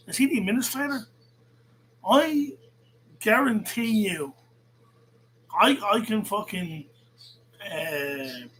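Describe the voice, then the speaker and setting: A man's voice: high voice, a little hiss or hum, poor audio. A man hosting a show, ranting profanely and sarcastically as he reacts to a rival's video. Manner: combative, sarcastic, swears a lot. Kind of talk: profane heated rant.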